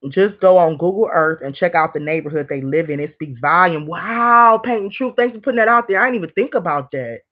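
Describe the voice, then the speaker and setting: A woman hosting a casual livestream, talking candidly to viewers and reading their comments, rambling and animated. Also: lowish voice, fairly quick, few pauses. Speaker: livestream host. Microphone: streaming mic. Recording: dull lo-fi stream audio.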